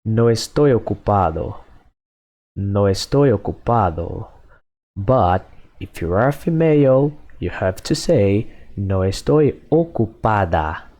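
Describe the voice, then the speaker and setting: A man teaching a language lesson, repeating each phrase several times in a patient, measured way. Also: on the low side, lively intonation, mellow. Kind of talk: slow, repetitive lesson drills.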